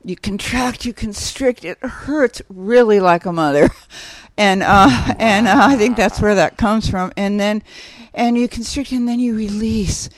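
A woman's voice: mid-range voice, a little slow, no echo. A woman guest in a casual podcast conversation, telling stories in a rambling way with many restarts and easy laughter.

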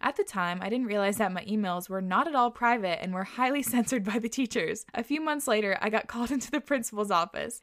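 A woman's voice: mid-range voice, a little fast, hardly any pauses, a bit bright. A woman hosting a podcast, reading listener stories aloud and reacting with laughter and casual swearing.

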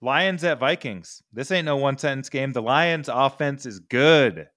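A man co-hosting a casual sports podcast, excitable and profane, talking in quick bursts. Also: medium pitch, no room sound, clean studio sound. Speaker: podcast co-host.

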